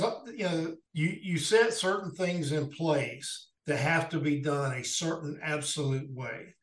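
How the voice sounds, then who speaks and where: A man who runs a company, talking as a podcast guest in an earnest, plainspoken, steady way. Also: fairly high pitch. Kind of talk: casual interview chat. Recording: echoey room.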